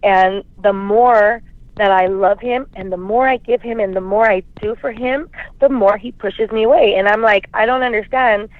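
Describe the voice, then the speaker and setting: A woman's voice: mid-range voice, moderate pace, no echo. A woman calling in to a radio show, rambling through her story and acting out both sides of arguments over the phone. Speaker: caller. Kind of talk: emotional call-in confession. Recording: tinny phone line, dry.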